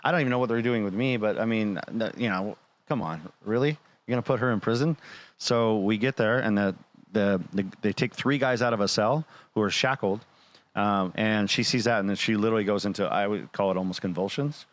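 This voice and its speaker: Man, lowish voice, animated storyteller who voices the people he quotes, blunt and profane. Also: brisk. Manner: animated retelling, acting out quoted dialogue; blunt, swears freely. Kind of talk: casual storytelling.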